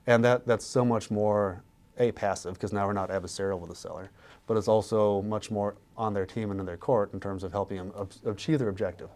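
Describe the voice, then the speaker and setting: A man with a lowish voice talks real estate on a podcast at a brisk clip. He gets animated when he acts out sales pitches to sellers, and the talk stays casual throughout.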